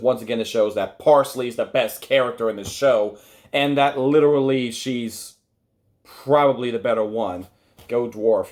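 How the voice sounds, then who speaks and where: A man at a middle pitch delivers casual review commentary, wry and critical. He addresses his viewers directly in an offhand, chatty way. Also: darkish tone. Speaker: online review host.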